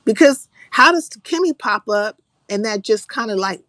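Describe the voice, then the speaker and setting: A woman's voice: medium pitch, expressive, moderate pace, fairly bright tone, dry recording. A woman hosts a livestream in a blunt, cursing, freewheeling way, in a mid-range voice. The sound is dry and close. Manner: blunt, profane, reads out chat comments. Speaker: livestream host. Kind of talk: casual livestream chat.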